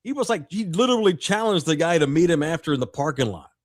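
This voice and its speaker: A man co-hosting a sports radio show, telling stories in a loud, profane, animated way. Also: fairly high pitch, fast talker, dry recording, studio quality. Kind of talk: casual sports talk.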